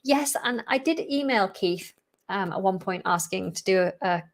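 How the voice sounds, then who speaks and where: A woman's voice: medium pitch, expressive, moderate pace. Woman, live Q&A host, chatty, laughs often, a bit tired. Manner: chatty, laughs often, reads viewer questions aloud. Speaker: English teacher and channel host.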